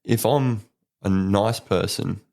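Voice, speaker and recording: A man's voice: lowish voice, slow, gravelly. A young man with an Australian accent, chatting casually as a podcast guest and laughing through his stories. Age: young adult. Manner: relaxed storyteller, laughs while telling stories. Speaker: guest, apprentice electrician. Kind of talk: casual interview chat.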